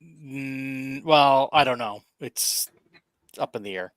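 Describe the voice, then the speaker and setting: A man chatting casually over voice chat, halting and trailing off mid-sentence. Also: medium pitch, fairly bright tone, dry recording. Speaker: book writer in the chat.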